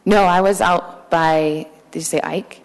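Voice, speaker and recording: A woman witness answering questions at a hearing in halting, plainspoken replies. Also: on the low side, fairly even intonation, clear, resonant tone, in a large hall. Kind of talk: answering questions under oath.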